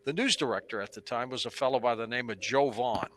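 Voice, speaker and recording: A man's voice: medium pitch, quick pace. A man in his seventies, a radio talk show host, telling anecdotes as a guest in an interview and acting out the people he quotes. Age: 70s. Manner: animated anecdotal storyteller who acts out quotes. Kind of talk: storytelling interview on stage.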